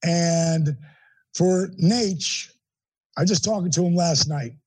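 A middle-aged man, an interview guest, telling a personal story in an animated, emphatic way with blunt language. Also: a little high, takes it slowly, breathy edge, dry recording, low-quality recording.

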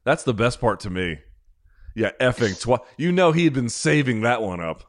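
A man's voice: medium pitch, very animated, moderate pace. A man hosting a podcast, talking in a rambling, sarcastic, self-deprecating way in casual comedic chat. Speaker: podcast host.

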